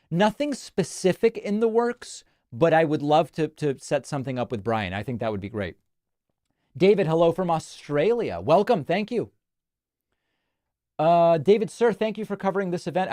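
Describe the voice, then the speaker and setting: A man's voice: mid-range voice, darkish tone. A chatty male host from Argentina runs a casual live stream and reads viewer comments aloud. He speaks in an everyday mid-range voice. The sound is close and dry, with no room echo.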